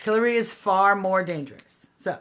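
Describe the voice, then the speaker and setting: A woman's voice: medium pitch, normal speed, fairly bright tone. A woman hosting a casual political livestream, talking straight to her viewers in a snarky, combative way. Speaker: livestream host.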